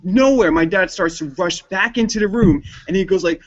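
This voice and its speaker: A man hosting a casual chat, telling stories and acting out his parents with loud impressions. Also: high voice, lively intonation, moderate pace, few pauses. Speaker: panel host. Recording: dull lo-fi stream audio.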